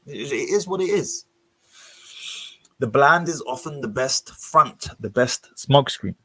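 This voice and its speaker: Husky-voiced man reading with commentary. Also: medium pitch, measured pace, no echo. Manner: expressive, animated delivery. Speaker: book reader and commentator. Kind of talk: reading a book aloud with commentary.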